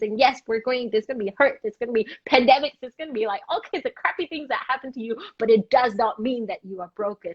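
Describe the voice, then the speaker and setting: A woman's voice: mid-range voice, breathy edge, dry recording, highs cut off. A woman speaking as a parenting expert in an interview over a video call, emphatic and motivational in how she talks. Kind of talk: conversational interview.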